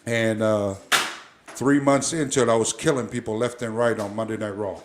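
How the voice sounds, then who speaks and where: A man's voice: lowish voice, steady tone, normal speed, background noise. A man, a former pro wrestler, telling stories as a guest in a casual interview, rambling with many fillers and restarts.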